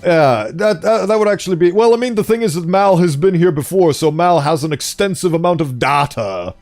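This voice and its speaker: A man's voice: a little high, animated, a little fast, darkish tone, faint music behind. A man streaming live, chatting playfully with viewers and laughing as he reads stories. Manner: playful, laughs often, greets chat. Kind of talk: casual live-stream chat.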